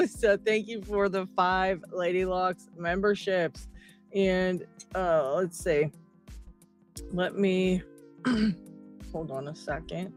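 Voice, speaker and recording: A woman hosting a live stream, chatting casually, greeting viewers by name and laughing often. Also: fairly low pitch. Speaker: livestream host. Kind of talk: casual livestream chat.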